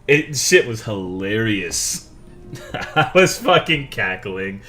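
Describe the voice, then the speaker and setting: A man's voice: on the low side, big pitch swings, takes it slowly, bright, forceful tone, faint music behind. A young man streaming a game, chatting casually with viewers, swearing often and joking. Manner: profane, joking, reading chat aloud. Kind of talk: casual live-stream chat.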